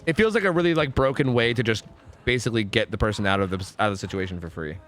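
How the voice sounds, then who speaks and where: A young man streaming a video game, rambling and swearing, swinging between groans and excited outbursts. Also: fairly low pitch, very fast, faint music behind. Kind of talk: live gameplay commentary.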